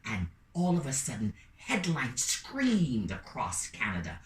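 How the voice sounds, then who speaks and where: A woman telling a story in an animated, playful way, calling out to her listeners. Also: rumbling low, measured pace, recorded from a distance. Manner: lively, playful, calls out to listeners. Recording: roomy sound from away from the mic.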